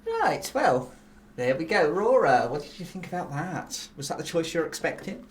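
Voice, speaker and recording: Lively, expressive woman game-show host. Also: low voice, moderate pace, slight background noise. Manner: bubbly, expressive, gushing. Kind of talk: comedic game-show hosting.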